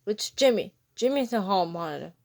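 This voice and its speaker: A woman's voice: mid-range voice, animated, fairly quick, creaky, darkish tone. A woman voicing an exasperated female pufferfish teacher in a fan storybook reading, weary and flustered.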